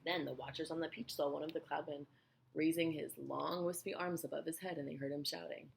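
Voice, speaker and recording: Woman with a low gravelly storytelling voice. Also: a little fast, a little hiss or hum. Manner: expressive, animated storytelling. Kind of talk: reading a children's book aloud.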